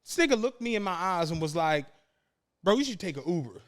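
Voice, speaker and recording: A man's voice: high voice, brisk. A man, a podcast co-host telling a long profane story and acting out the people in it. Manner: animated, profane, acts out the people in his story. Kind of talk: casual storytelling chat.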